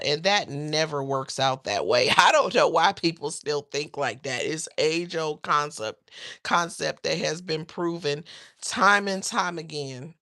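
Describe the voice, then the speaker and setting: Woman livestream host, lower voice, gossipy and laughing, dry close sound. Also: measured pace, no echo. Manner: chatty, animated, laughs often, talks to the chat. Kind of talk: casual celebrity gossip livestream.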